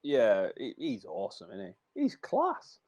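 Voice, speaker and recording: A man co-hosting a casual film podcast, teasing the others in a lively, joking way. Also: on the low side, unhurried, highs cut off. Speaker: podcast co-host.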